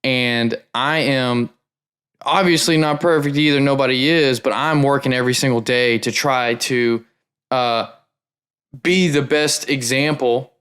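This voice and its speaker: A man's voice: medium pitch, steady tone, measured pace, a bit bright, clean tone. A man hosting a podcast, reacting with enthusiasm, often repeating words and saying "man". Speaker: podcast host. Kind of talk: conversational podcast interview.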